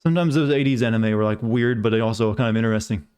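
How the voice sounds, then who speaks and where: A man's voice: on the low side, quick pace, darkish tone, clear, resonant tone. A man streaming a game, chatting casually and ramblingly with his live viewers and greeting them by name.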